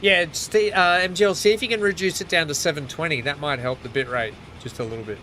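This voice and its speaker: A man's voice: a little high, fast, slight background noise, low-quality recording. A man chatting casually while playing a game on a livestream, telling stories with frequent laughs. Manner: animated storyteller, laughs often, chatty. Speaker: streamer.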